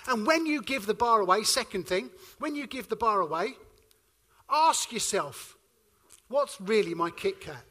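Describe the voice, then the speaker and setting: A man, preaching a sermon and telling stories with lively swings between loud and hushed delivery. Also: high voice, measured pace.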